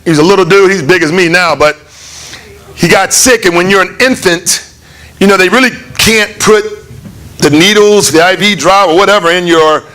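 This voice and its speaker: A man preaching a conversational, animated sermon in church, acting out lines of the story. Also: sits high, moderate pace. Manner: animated, conversational, acts out voices with laughs. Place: church hall.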